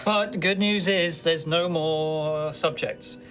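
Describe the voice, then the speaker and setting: A man playing a tabletop game, chatting with animated laughter and frequent restarts. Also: a little high, takes it slowly, faint music behind. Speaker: player. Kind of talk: casual chat at a tabletop game.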